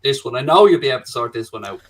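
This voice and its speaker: A man's voice: mid-range voice, expressive, rapid-fire. A man hosting a casual live stream, chatty, swearing casually and reading out viewer questions from his own small studio. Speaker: stream host.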